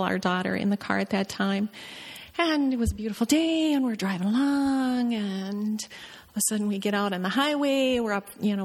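A middle-aged woman telling a church a personal testimony, halting and full of restarts. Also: mid-range voice. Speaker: church member sharing a testimony. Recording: long reverb of a church hall.

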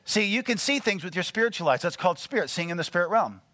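A man preaching a sermon, animated and full of call-and-response questions to the congregation. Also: high-pitched, fast talker, dry recording, clean studio sound. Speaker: pastor.

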